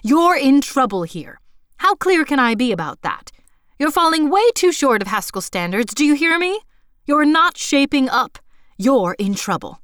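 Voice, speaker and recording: A woman's voice: expressive, moderate pace, no echo, studio quality, close to an everyday voice. A woman voicing a hostile middle-aged woman school head who scolds relentlessly. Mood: shrill scolding. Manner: stern, escalating to shrill scolding.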